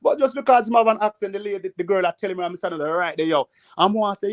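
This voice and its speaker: Man, Jamaican accent, rapid patois anecdotes, rambling, dry recording. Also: sits high, no echo. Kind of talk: casual storytelling. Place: living in the United States.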